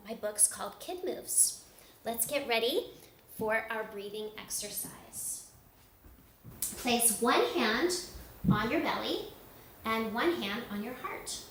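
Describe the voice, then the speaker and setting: A woman leading a yoga lesson for children, giving slow, gentle, sing-song instructions. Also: a little high, slight background noise. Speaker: kids yoga teacher. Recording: echoey room, voice from far off.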